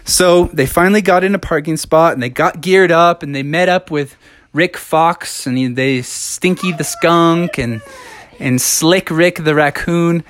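A man's voice: on the high side, unhurried, a bit bright, no echo. Rambling male storyteller, dry close sound. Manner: rambling, with fillers and self-corrections. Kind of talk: improvised live storytelling.

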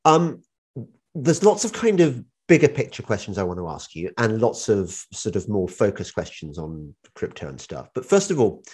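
A man's voice: lowish voice, big pitch swings, moderate pace, a little mellow, breathy edge. A man hosting a casual interview, asking rambling questions and telling anecdotes.

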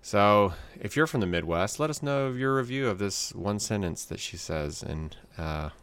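A man's voice: lowish voice, animated, normal speed, fairly bright tone, clean tone. A man co-hosting a casual podcast chat, rambling and playful, often repeating his words. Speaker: podcast co-host.

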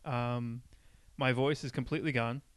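Young male podcast co-host, smooth and resonant, dry close sound, rambling anecdote delivery. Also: medium pitch, fairly even intonation, moderate pace, dry recording. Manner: rambling, heavy on filler "like". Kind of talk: casual anecdote telling.

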